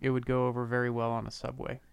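A man's voice: medium pitch, monotone, quick pace, vocal fry, clean tone. Ask for a wry man tossing crude asides. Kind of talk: casual comedic chat.

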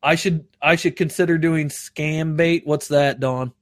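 A man with a somewhat high voice chats casually to his stream, recorded dry and close. He rambles and swears, laughing at his own stories and acting out phone calls in raised voices. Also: fairly even intonation, unhurried, no room sound. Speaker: streamer reading chat. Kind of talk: casual livestream chat.

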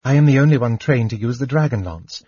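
Resolute young woman fighter, read by a man, slightly raised, husky audiobook tone. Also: mid-range voice, lively intonation, fast talker, mellow, no room sound, dull audio. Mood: earnest. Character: earnest young elf woman warrior, determined.

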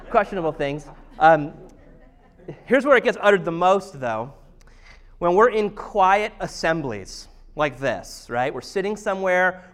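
Male pastor, 30s, higher-pitched, relaxed storytelling sermon with self-deprecating humor. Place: church service.

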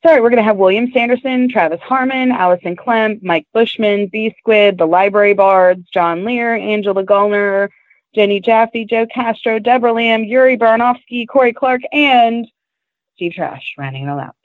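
A woman's voice: a little high, normal speed, no echo. A woman co-hosting a podcast in casual chat, eager and bubbly, on a tinny, phone-like recording. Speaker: podcast co-host. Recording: tinny phone-like dry sound.

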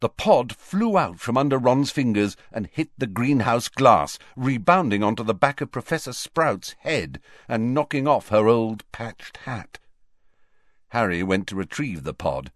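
A man narrating an audiobook with expressive storytelling. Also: mid-range voice, measured pace, no echo, clean studio sound.

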